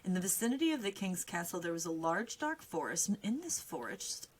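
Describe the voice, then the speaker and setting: A woman's voice: on the low side, sing-song, a little fast, slightly rough, poor audio. A woman co-hosting a podcast, retelling a fairy tale casually with jokes and swearing. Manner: irreverent, joking, swears freely. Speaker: podcast co-host and storyteller.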